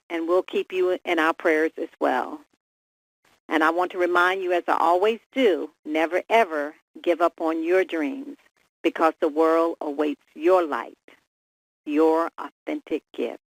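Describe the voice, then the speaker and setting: A woman with a slightly low voice hosts the call. She sends the listeners off with encouragement and blessings. The sound is dry and close. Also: no echo, rough recording. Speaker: call host. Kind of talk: closing a prayer call.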